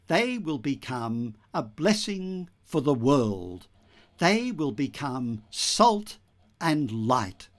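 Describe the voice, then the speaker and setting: A man delivering a scripted homily, explaining the text in a measured teaching manner. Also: mid-range voice.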